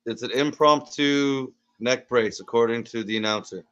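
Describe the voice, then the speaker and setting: A man's voice: medium pitch, normal speed, a bit bright, muffled recording. A man hosting a casual live reaction chat, easygoing and asking the others questions. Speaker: watch party host.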